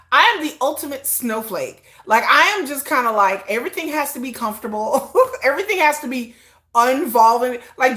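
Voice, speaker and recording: Animated, bright-voiced woman livestream host. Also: on the high side. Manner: animated storytelling, acts out quotes, laughs often; self-described shy introvert. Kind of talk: casual chat.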